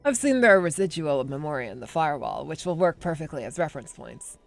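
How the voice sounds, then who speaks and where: A man's voice: a little high, expressive, fairly quick, vocal fry. A man voicing an aloof female genius scientist with a dry, matter-of-fact delivery.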